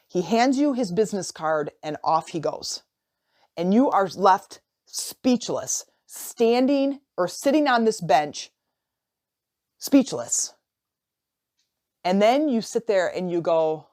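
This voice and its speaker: A woman hosting a motivational coaching podcast, telling a story in a casual, animated way, often repeating and restarting her phrases. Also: on the low side, slow. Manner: animated, acts out imagined dialogue. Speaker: podcast host and life coach.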